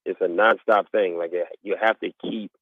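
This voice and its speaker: A man's voice: low-pitched, normal speed, dry recording. A man, a guest DJ, talking in an easygoing, laid-back way during a radio interview. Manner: relaxed, easygoing, laughs often. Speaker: guest DJ and musician. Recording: phone line.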